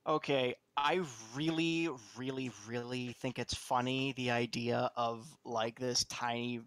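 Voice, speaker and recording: A man's voice: mid-range voice, flat delivery, unhurried, a bit bright, smooth, no room sound. A man playing a tabletop game, chatting casually and enthusiastically about his moves. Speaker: player.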